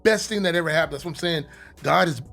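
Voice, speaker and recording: Animated man telling a prison story. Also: a little high, fast, creaky. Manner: animated, profane, with frequent restarts. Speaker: podcast guest. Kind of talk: casual storytelling.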